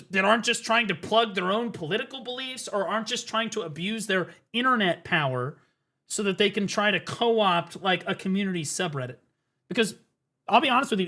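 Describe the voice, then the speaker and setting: High, bright-voiced ranting male streamer. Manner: blunt, profane and riled up, repeats his points. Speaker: streamer host. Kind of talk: live reaction commentary.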